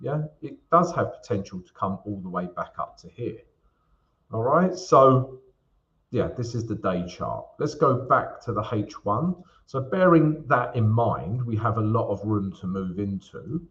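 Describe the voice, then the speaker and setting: A man's voice: lowish voice, expressive, a little slow, fairly bright tone. Guy doing a live trading q&a stream, loose and chatty, lots of ums and okays, kinda dull lo-fi sound. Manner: chatty, frequent fillers and tag questions. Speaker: forex trading host. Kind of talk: live stream Q&A, chart analysis.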